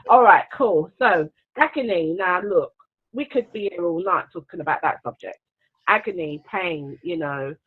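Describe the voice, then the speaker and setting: A woman's voice: on the low side, lively intonation, normal speed, slightly rough. Brief: bubbly woman host, laughs easily, tinny phone-like sound over a video call. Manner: bubbly, laughing, reads out comments. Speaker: host of a book launch. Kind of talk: live-stream interview hosting.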